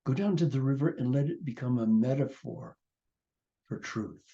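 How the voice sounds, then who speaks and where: A man hosting a weekly spiritual talk, speaking gently and repeating phrases in a meditative way. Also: medium pitch, moderate pace, vocal fry, lo-fi sound. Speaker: spiritual teacher and host. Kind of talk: sermon-like reflection and reading. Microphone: video call.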